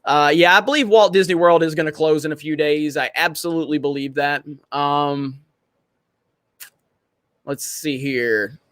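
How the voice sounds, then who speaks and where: Male streamer, fairly high voice, dry close sound, casual chat-reading host. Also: unhurried, a bit bright, clear, resonant tone, no room sound. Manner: reads viewer comments aloud, laughs often, swears freely. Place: home in Florida.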